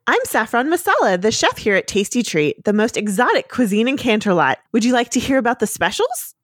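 An earnest young female pony chef speaks politely and eagerly, her pitch moving a lot, as a woman plays her. The sound is dry and close. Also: big pitch swings, brisk, dry recording.

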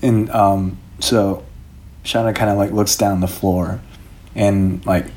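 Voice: deep voice, steady tone, slow pace, a little mellow. A player describing a character's actions in a tabletop game, chatty and full of fillers. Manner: chatty, filler-heavy, laughs often. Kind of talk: casual tabletop game play.

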